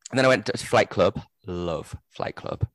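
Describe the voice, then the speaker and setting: Young guy, low-ish voice, chatty and laughy, dry close mic. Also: normal speed, no room sound. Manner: chatty storyteller, laughs often, swears casually. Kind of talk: casual chat.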